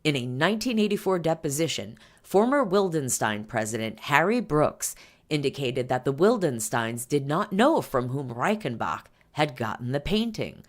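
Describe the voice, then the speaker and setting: A woman's voice: low voice, sing-song, moderate pace. A woman hosting a podcast, reading an article aloud and breaking off for chatty asides full of fillers. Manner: chatty asides with fillers between read passages. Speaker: podcast host.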